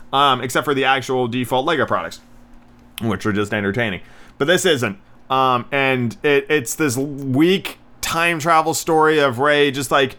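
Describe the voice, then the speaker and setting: Young male podcast host, slightly higher voice, bright tone, blunt and rambling, a bit out of breath. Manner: rambling, blunt, frequent fillers and profanity. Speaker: podcast host reviewing movies. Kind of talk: casual solo review.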